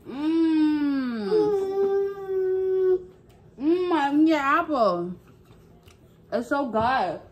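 A woman's voice: sits high, fairly bright tone. A woman in a casual vlog, playfully scolding a toddler and talking to viewers. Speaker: parent vlogger. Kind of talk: casual prank vlog talk.

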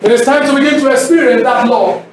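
A man from Nigeria preaching a sermon as a pastor, emphatic, often shouting and repeating his calls to the congregation. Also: extremely high pitch, fast talker, a little hiss or hum. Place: church hall. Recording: echoey hall with music behind. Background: instrumental music.

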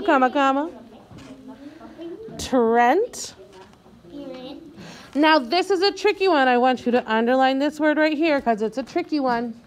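Slow, patient woman teacher. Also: sits high. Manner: slow, clear, patient, drawing out words. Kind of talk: reading lesson for young children.

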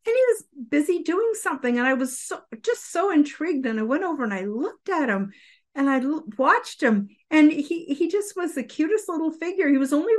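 Effusive female podcast host; a rambling, filler-heavy storyteller with a slightly high voice. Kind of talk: personal storytelling.

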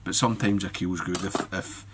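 A man giving a relaxed step-by-step fly-tying tutorial, thinking aloud as he works. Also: sits low, a little fast, noisy background.

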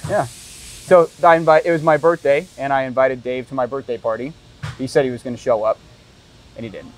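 A man interviewing a guest, telling anecdotes with animated impressions of the people in them. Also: medium pitch, fairly quick, poor audio. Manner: animated anecdote teller, acts out voices. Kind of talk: casual interview chat.

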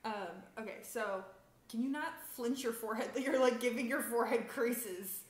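A young woman chats and tells stories in a loose, rambling way, full of fillers and quick restarts. Her voice sits a little high. The room rings with echo and there is a faint hiss underneath. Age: young adult. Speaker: vlog host. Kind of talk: casual chat.

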